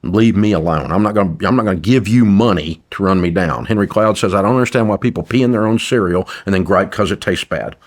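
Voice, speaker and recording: Talking fast with few pauses, an older man with a low voice appears as a podcast interview guest. A business owner, he's blunt and emphatic, driving his points home again and again like he's preaching.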